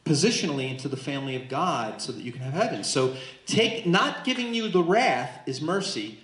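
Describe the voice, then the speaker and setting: A man's voice: a little high, big pitch swings, a little fast, fairly bright tone. Emphatic man teaching Bible study, roomy echo. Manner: emphatic, asks listeners questions. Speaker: pastor leading Bible study. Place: church room.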